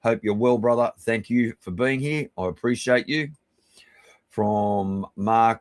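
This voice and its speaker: An Australian man hosting a live stream, giving rambling, chummy shout-outs to viewers and swearing casually. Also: fairly low pitch, slow, no room sound. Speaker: livestream host.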